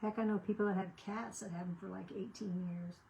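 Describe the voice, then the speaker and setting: A woman's voice: mid-range voice, fairly even intonation, brisk, gravelly, dark tone, slight background noise, low-quality recording. Chatty older woman, rambling. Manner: rambling, chatty, trails off mid-sentence. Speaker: crafting channel host. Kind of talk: casual chat while crafting.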